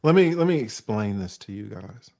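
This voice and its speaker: A man's voice: lowish voice, expressive, moderate pace, gravelly, mellow. A man in his forties from the US South with a Southern accent, talking to his audience in a casual monologue and posing rhetorical questions. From Atlanta, US South. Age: 40s. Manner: conversational, poses rhetorical questions, uses slang. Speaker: online commentator.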